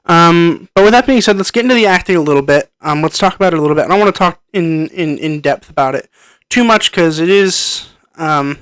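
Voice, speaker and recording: Man, casual film review, hesitant and rambling, smooth clear voice, dry close sound. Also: a little high, a little fast, a bit bright, dry recording. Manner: rambling, hesitant, many ums and restarts. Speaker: movie reviewer. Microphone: microphone plugged into a computer.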